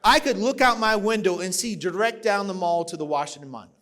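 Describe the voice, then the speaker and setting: A man's voice: high voice, fast, fairly bright tone. A man from South Carolina, giving a political keynote speech at a podium microphone, moving from folksy storytelling to rousing, emphatic oratory. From South Carolina, USA. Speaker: keynote speaker at a party dinner. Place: large banquet hall, at a podium.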